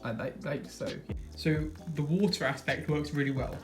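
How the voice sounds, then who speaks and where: A man's voice: a little high, normal speed. A man casually narrating a DIY vlog, upbeat and explaining each step as he tinkers. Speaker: maker demonstrating a project. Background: faint background music.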